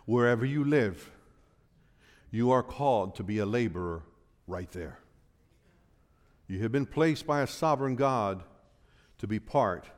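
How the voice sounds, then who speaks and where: A man preaching a sermon, slow and emphatic, building to loud, pleading peaks and then falling low. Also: in a large hall. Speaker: pastor.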